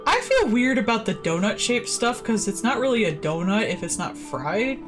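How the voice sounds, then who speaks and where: A woman from the southern United States talks on her art stream with a lively voice that swings up and down. She is wry and swears casually, and clear music plays in the background. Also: fairly high pitch, normal speed. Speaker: artist streaming. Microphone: headset.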